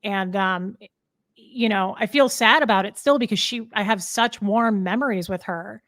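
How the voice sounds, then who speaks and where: A woman's voice: medium pitch, normal speed, a bit bright, no room sound, clean studio sound. A woman in her thirties telling a personal story in a casual interview, frank and rambling, with many fillers and restarts. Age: 30s. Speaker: podcast guest. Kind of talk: candid storytelling in casual chat.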